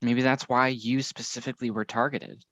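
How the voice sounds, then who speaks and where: A man's voice: mid-range voice, flat delivery, moderate pace, fairly bright tone, no echo, dull audio. Man thinking aloud at a game table. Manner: thinks aloud, tentative and searching. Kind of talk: casual chat at a game table.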